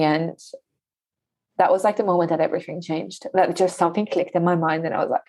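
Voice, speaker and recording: A woman's voice: lowish voice, fairly even intonation, brisk, a little mellow, no echo. A young woman, a yoga teacher and wellness coach, telling her story as a podcast guest with lots of "like" fillers. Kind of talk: casual podcast interview. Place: Revelstoke, Canada.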